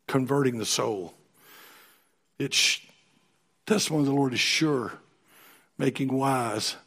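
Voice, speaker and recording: A middle-aged man preaching a sermon in a folksy, emphatic way, often dropping to a soft voice. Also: mid-range voice, creaky, slightly rough. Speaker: pastor.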